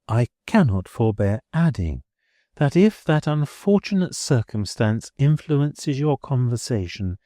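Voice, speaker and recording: A man's voice: mid-range voice, dark tone, no room sound, studio quality, voice pushed up, lightly acted. A man voicing a prim, genteel older schoolmistress who speaks formally and stiffly. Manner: formal, measured, stiffly polite.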